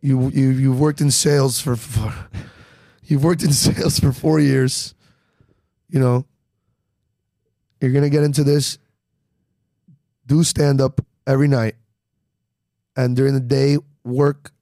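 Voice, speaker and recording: A man's voice: mid-range voice, takes it slowly, pauses often, dry recording, clean studio sound. A man, a comedian, chatting casually on a podcast and acting out other people's voices as he tells stories. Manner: animated storytelling, acts out other people's voices. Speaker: comedian guest.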